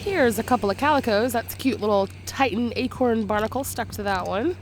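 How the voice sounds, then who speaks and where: A woman with a slightly hoarse sick voice, chatting casually and laughing often as she narrates a beach walk, admiring each find. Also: a little high, fairly quick, a little hiss or hum. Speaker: beach vlogger. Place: outdoors on a beach.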